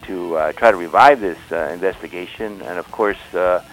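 A man co-hosting a talk radio show speaks in a somewhat low voice. His talk is chatty and easygoing, broken up by pauses as he thinks aloud, and faint music plays behind him. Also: a bit bright, poor audio. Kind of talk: casual talk radio conversation.

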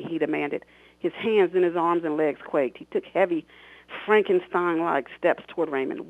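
His pitch is fairly high, his pace moderate, and his voice creaky, with no echo on the dry, tinny phone connection. The man is an author on a radio talk show who reads a scene from his novel expressively, shouting the characters' lines, and then discusses it.

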